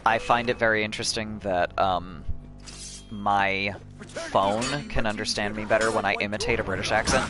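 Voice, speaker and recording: A man streaming a game, chatting casually and thinking aloud with many pauses and ums. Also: lowish voice. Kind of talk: casual live-stream chat.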